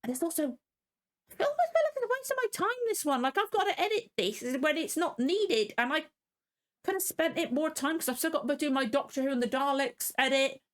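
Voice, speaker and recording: A woman's voice: high voice, lively intonation, brisk. A woman hosting a casual reaction video, rambling and frank, openly annoyed about the episode she watched. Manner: rambling and frank, many fillers and restarts. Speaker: reaction channel host.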